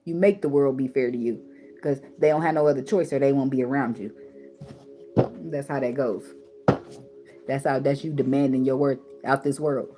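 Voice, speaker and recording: A woman's voice: very deep voice, fairly even intonation, moderate pace, long pauses, over music. A woman giving tarot advice in a blunt, preachy way, swearing freely and repeating words for emphasis. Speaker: tarot reader. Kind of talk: casual spiritual advice monologue.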